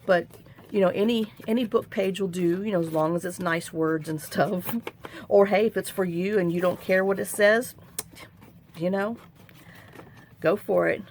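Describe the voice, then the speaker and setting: Low, gravelly-voiced woman crafter. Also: fairly even intonation, moderate pace, long pauses, a little mellow, a little hiss or hum. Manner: rambling, chatty storytelling with sighs and asides. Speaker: crafting tutorial host. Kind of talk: casual crafting tutorial chat. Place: home craft room.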